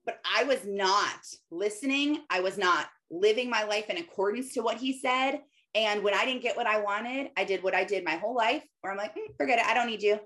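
A woman's voice: medium pitch, normal speed, fairly bright tone. Earnest woman in a heartfelt faith talk. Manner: earnest, conversational, acts out little quoted voices. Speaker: Christian business owner sharing faith. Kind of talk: personal faith talk to followers.

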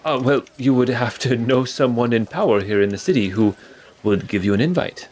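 A man's voice: mid-range voice, a little fast, darkish tone, slightly rough, close to an everyday voice. A man voicing a male city guard who is polite and evasive, speaking hesitantly with many fillers.

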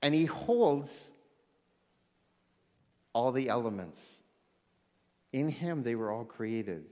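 A man preaching a sermon, animated, swinging between loud excitement and hushed intensity. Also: medium pitch, slow pace. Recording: long hall reverb.

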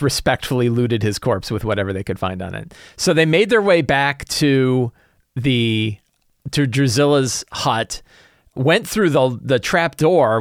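A man's voice: medium pitch, no room sound, studio quality. A man recapping his tabletop campaign as game master in a rambling, casual way. He fills his talk with "like" and "right?" and chuckles as he tells it. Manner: chuckles while telling.

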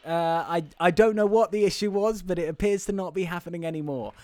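A man's voice: high-pitched, fairly quick, darkish tone, no room sound, studio quality. A young man hosting a podcast, telling long rambling stories, stumbling over words and laughing often. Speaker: podcast host. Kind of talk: casual podcast chat.

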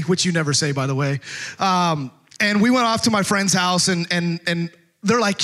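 A man's voice: sits high, moderate pace. A man preaching, telling a comic story and acting out the voices in it. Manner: animated, comic, acts out voices. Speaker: pastor. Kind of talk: storytelling sermon.

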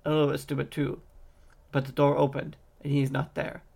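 A man's voice: a little high, completely flat delivery, a little fast, gravelly, a little mellow, breathy edge. A man voicing an anxious, apologetic young man in a fantasy audiobook, in his plain reading voice. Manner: plain reading voice, little change from narration.

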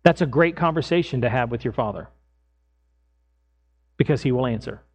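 A middle-aged man preaching as a pastor, telling everyday stories in a lively way and acting out his own lines. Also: medium pitch, moderate pace. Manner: animated storytelling, acts out his own lines loudly. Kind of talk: sermon with personal stories.

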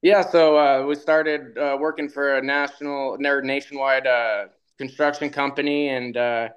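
A man's voice: medium pitch, level tone, moderate pace, clear, resonant tone, dull audio. A man, a retired bull rider, guesting on a podcast and telling stories in a laid-back way, often laughing. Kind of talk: casual storytelling.

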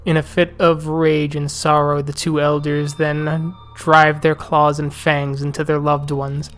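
A man's voice: fairly high pitch, completely flat delivery, a little slow, a bit bright, soft background music. A man serving as storyteller, narrating a tabletop role-playing game in a flowing, descriptive way.

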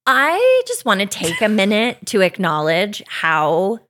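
A woman's voice: mid-range voice, huge pitch swings, measured pace, fairly bright tone. A woman co-hosting a podcast, chatting casually and enthusiastically with a friend about a TV show, with sighs and ums. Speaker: podcast co-host. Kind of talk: casual chat.

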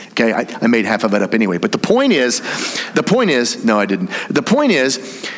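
A man's voice: medium pitch, very animated, fast talker. Man preaching in a reverberant church. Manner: conversational, teasing asides, explaining Greek grammar. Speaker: pastor. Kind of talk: sermon. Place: church sanctuary during a service. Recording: long hall reverb from a church sanctuary.

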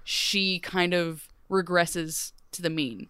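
A young woman co-hosting a casual TV recap podcast, talking fast and chatty with lots of fillers and jokes. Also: fairly low pitch, fairly even intonation, a bit bright, clear, resonant tone, no room sound, clean studio sound. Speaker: podcast co-host.

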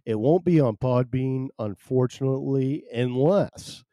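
A man's voice: mid-range voice, a little slow, warm tone, no room sound, studio quality. A man hosting a casual live podcast from home, rambling and self-deprecating as he chats. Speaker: podcast host. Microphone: headphones and desk mic.

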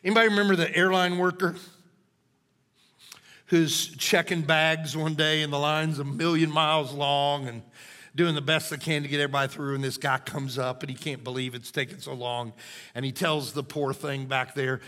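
A male pastor preaching a sermon in a church sanctuary, emphatic and animated, often checking in with his listeners. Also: on the high side, moderate pace. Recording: long hall reverb.

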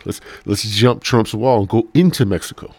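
A man putting on a loud Italian-American New York accent to play a pushy guy who keeps yelling for his buddy. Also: fairly low pitch, moderate pace, husky, no room sound. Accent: put-on Italian-American New York. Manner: pushy, repeats hey to grab attention.

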